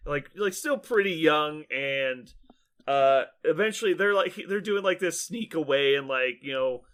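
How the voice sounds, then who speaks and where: On his podcast, a man casually retells a cartoon plot, acting out the characters' lines, laughing as he goes and using lots of fillers. His voice is a little high and his pace is measured.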